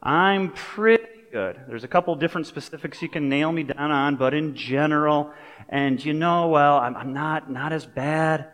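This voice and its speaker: A man preaching a sermon as a pastor, in a relaxed, conversational way with personal stories and asides. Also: a little high, normal speed. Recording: long reverb of a large hall.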